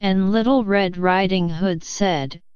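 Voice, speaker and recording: A woman reading a bedtime fairy tale aloud in a gentle, expressive way. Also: medium pitch, slow, smooth, dry recording, muffled recording. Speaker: storyteller.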